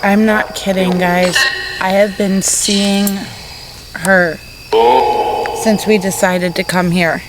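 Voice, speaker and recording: A woman paranormal investigator speaking softly and coaxingly to a spirit at a graveside during a session. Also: medium pitch, little pitch movement, takes it slowly, pauses often. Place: outdoors at a cemetery at night. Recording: noisy outdoor recording with crickets.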